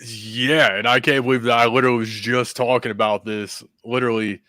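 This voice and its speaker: A man as a podcast guest, telling paranormal stories in casual chat with frequent fillers and quick laughs. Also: medium pitch, no room sound. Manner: animated storyteller, quick laughs, many fillers.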